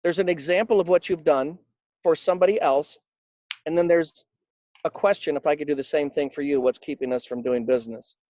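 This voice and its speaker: A man's voice: fairly high pitch, fairly quick, dark tone, no echo, highs cut off. A man being interviewed about his work coaching financial advisors, telling anecdotes with emphasis and acting out the quotes. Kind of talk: conversational interview storytelling.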